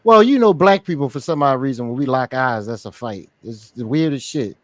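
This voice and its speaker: A man in casual podcast chat, talking in an animated, profane, joking way. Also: mid-range voice, brisk, no echo.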